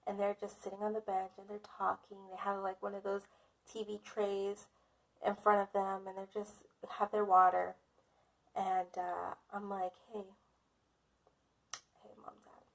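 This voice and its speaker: A woman's voice: medium pitch, vocal fry, fairly bright tone. A woman vlogger telling a casual storytime, dramatic and self-mocking, often laughing.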